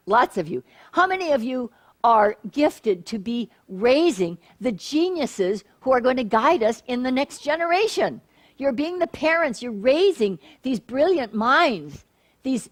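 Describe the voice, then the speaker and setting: A middle-aged woman minister giving a sermon, playful and animated, often asking the congregation questions. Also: fairly high pitch.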